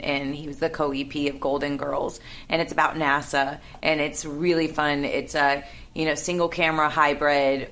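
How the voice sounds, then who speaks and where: Low-voiced woman comedian, laughing. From Miami. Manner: laughs a lot, animated storytelling. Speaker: guest comedian. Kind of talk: casual interview chat. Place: radio studio.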